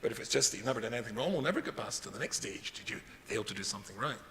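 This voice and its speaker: A man's voice: mid-range voice, animated, rapid-fire, gravelly, pushed and bright. A middle-aged man, a rabbi giving a jokey, self-deprecating lecture full of stories. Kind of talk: humorous lecture with storytelling. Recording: reverberant hall with faint noise.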